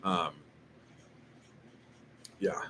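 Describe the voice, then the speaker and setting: A man's voice: extremely slow, background noise. A man vlogging casually, rambling through a story full of filler words and swearing.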